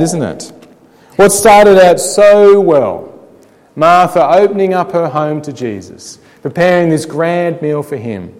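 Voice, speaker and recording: A man preaching a sermon, telling the story dramatically with rhetorical questions, slowing down and dropping quiet to make points. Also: mid-range voice. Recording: long hall reverb.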